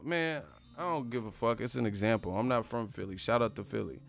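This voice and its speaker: A man's voice: mid-range voice, brisk, vocal fry, faint music behind. A man hosting a casual live stream about boxing, ranting in a rambling, profane way and laughing at his own jokes. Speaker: boxing commentary host.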